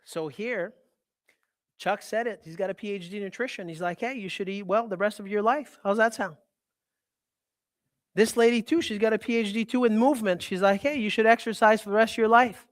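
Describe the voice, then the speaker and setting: A man's voice: high voice, brisk. A man giving a live health seminar to an audience, emphatic and repetitive, often asking the listeners questions. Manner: emphatic, repeats key points, quizzes the audience. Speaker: health speaker.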